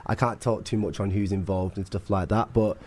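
Lower-voiced male guest chatting easily. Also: fairly quick, breathy edge. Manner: relaxed, upbeat, uses fillers. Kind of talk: casual chat.

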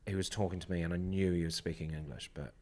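A man in his forties with a New Zealand accent chats casually, telling anecdotes with plenty of hesitations and fillers. His voice is low, dark, and steady, and he speaks fast.

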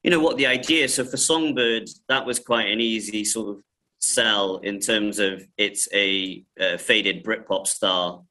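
A man, a film director, telling lively stories in a casual interview, often laughing and repeating words. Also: on the low side, unhurried, low-quality recording.

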